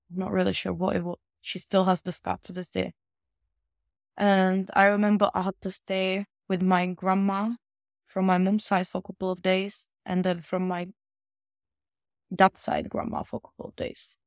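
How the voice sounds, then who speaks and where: Earnest woman with a flat voice. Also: lowish voice, no room sound, studio quality. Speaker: storyteller. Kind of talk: personal storytelling.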